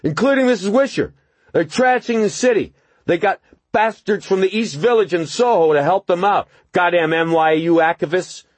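A man's voice: sits high, normal speed, no room sound, voice pushed up. A man reading an audiobook, voicing a drunk young man who rants in a slurred, agitated way. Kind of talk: audiobook narration.

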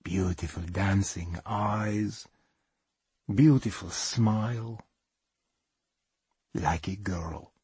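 Husky, slow-spoken middle-aged man storyteller. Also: low-pitched, a little mellow, no echo. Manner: plain non-native English, dropped articles. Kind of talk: dramatic first-person monologue.

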